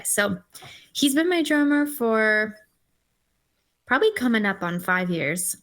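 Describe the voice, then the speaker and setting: A woman's voice: medium pitch, a little fast, vocal fry, bright, forceful tone. A woman guest musician chatting casually in an interview, telling stories with enthusiasm. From Los Angeles-based. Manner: talks with her mouth full. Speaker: singer-songwriter guest.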